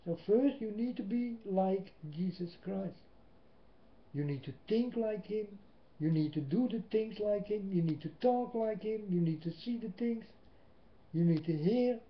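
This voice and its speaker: A man whose first language is Dutch, preaching a sermon in English into a webcam at home, slow and emphatic, swinging between loud and soft. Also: high voice, expressive. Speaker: lay preacher. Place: indoors at home. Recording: roomy, dull webcam audio.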